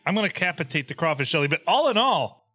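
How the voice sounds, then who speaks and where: A man's voice: a little high, fast, breathy edge, highs cut off, faint music behind. A man hosting a podcast, chatting and joking with his co-hosts. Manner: joking, animated banter. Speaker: podcast host. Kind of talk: casual chat.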